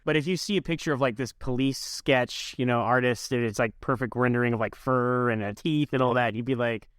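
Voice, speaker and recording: A man speaking as a podcast guest, joking and quick, with lots of "like" fillers. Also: medium pitch, fairly even intonation, a bit bright, clean tone, no echo, clean studio sound. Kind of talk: casual chat.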